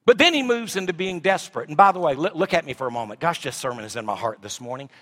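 Middle-aged man, pastor mid-sermon, bright ringing tone, big dynamic swings. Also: fairly high pitch, expressive, fast. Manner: swings from shouting to hushed asides.

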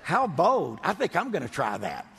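A man's voice: a little high, wildly swooping pitch, normal speed, vocal fry, fairly bright tone, slightly rough, in a large hall. A male pastor preaching a sermon with emphasis, drawing out key words.

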